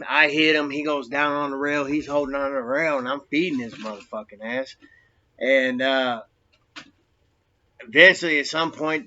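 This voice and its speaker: Ex-con storyteller, male, profane and rambling, streetwise slang, punchy tone, muffled low-fi audio. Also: pushed and bright. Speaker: former prisoner telling his story. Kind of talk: casual storytelling monologue.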